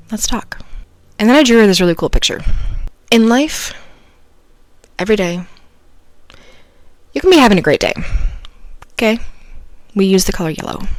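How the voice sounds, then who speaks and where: A woman hosts a solo advice podcast in a low-set voice and speaks with earnest emphasis. She tells stories with sudden loud bursts. The sound is close and dry, with no room echo. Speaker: podcast host.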